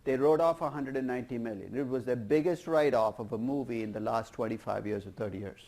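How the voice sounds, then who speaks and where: A man lecturing a university class, lively and putting questions to the students. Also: mid-range voice, quick pace. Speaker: professor.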